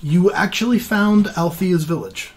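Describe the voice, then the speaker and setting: A woman's voice: on the low side, measured pace, a little hiss or hum. Older woman running a tabletop game. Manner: chatty, laughs often, plays innkeeper lines. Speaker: dungeon master.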